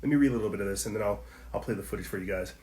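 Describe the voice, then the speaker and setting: This political podcast host races along in a lowish, mellow voice, with a reverberant sound. He lectures his audience directly, heated and preachy, returning again and again to the same arguments.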